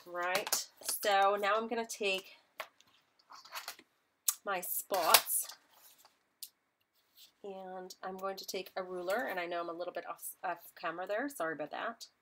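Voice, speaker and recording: A woman instructor with a mid-range, steady voice speaks at a measured pace, pausing often over background noise. She chats with viewers while demonstrating a live craft project, joking about herself as she works.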